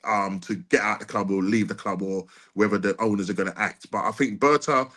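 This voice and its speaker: A man's voice: fairly low pitch, a little fast, fairly bright tone. A man venting frustration on a live football fan show, with many restarts and repeats. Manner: frustrated, repetitive, restarts often. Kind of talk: casual live-stream chat.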